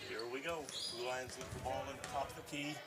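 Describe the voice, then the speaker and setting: A man calling a high school basketball game play-by-play, out of breath and rising with excitement on the big plays. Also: fast, crowd noise. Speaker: play-by-play announcer. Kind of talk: local sports commentary.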